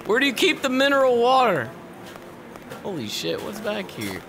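A man streaming a video game, commentating live in an excitable, profane way and yelling at the characters. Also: sits high, moderate pace, a little hiss or hum.

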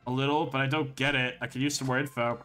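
A stoic yakuza tough guy from a video game, as a man reads him aloud. He speaks in short, blunt lines. Soft music hums in the background. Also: mid-range voice, fast, lightly acted. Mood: gruff. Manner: terse, flat, blunt. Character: stoic, gruff male yakuza hero.

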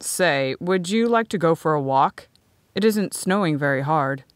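A woman's voice: a little slow, no room sound. A woman voicing an eager, earnest young man in an audiobook. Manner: steady, low-pitched storybook dialogue.

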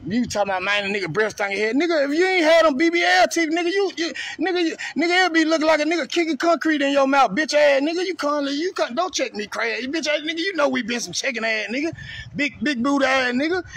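Man, very high-pitched, bright and forceful, repetitive taunts, heated profane rant. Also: lively intonation, fast talker. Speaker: streamer ranting on a live video.

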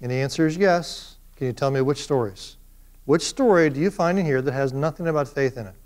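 A man's voice: mid-range voice, brisk. A middle-aged man giving a classroom lecture, telling stories with energy and acting out the quoted lines. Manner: animated storyteller, acts out quoted speech. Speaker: professor.

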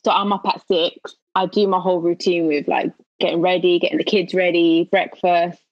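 A woman's voice: fairly low pitch, level tone, normal speed, no room sound, highs cut off. A young woman co-hosting a casual chat, rambling with many fillers and frequent giggles. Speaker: podcast co-host.

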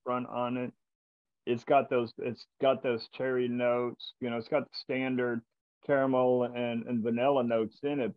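Give me an enthusiastic man hosting a casual chat over a dull video call, mid-pitched, stumbling and repeating words. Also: no room sound. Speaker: podcast host tasting bourbon. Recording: dull, lo-fi sound.

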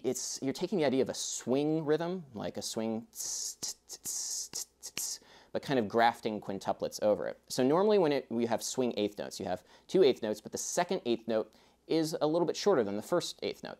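A man's voice: mid-range voice, big pitch swings, brisk, warm tone. A young man teaching a music lesson in a casual, chatty way, with rambling asides.

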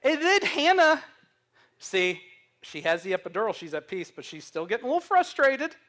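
A man's voice: extremely high pitch, big pitch swings, moderate pace, pushed and bright. A young man preaching a sermon, earnest and humorous, telling stories. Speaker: pastor.

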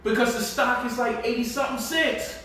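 A man's voice: extremely high pitch, steady tone, brisk, pushed and bright, slight background noise. A man hosting a casual livestream, teaching stock investing in a loose, joking, slangy way from his home. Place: home, indoors. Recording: echoey room, mic at a distance.

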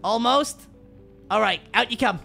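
A man with a Sheffield accent, streaming as a rat character in game role-play. His voice is very bright and piercing, with a gravelly fry at its edges. He is excitable and yells out comic bits. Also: high-pitched, measured pace, faint music behind.

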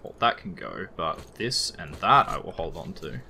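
A man's voice: sits low, expressive, normal speed, creaky, background noise. A man with an Australian accent giving casual, rambling, lightly profane commentary while playing a video game. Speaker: let's play gamer.

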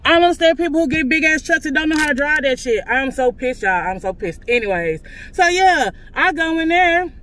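A woman vlogger venting casually to her viewers, loud and profane, from in or near her car. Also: sits high, expressive, fairly quick, hardly any pauses.

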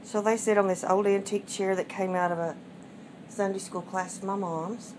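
A woman gently and fondly showing her small home nursery in a casual vlog. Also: medium pitch, fairly even intonation, background noise. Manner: gentle, fond, unhurried showing. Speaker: doll collector giving a home tour.

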